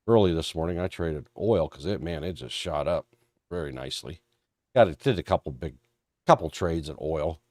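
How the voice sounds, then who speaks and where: A man's voice: rumbling low, animated, normal speed, darkish tone, dry recording, clean studio sound. A man moderating a live trading stream, talking in a folksy, rambling way with a stuffed-up head cold. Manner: folksy, rambling, self-deprecating. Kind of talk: live-stream market talk.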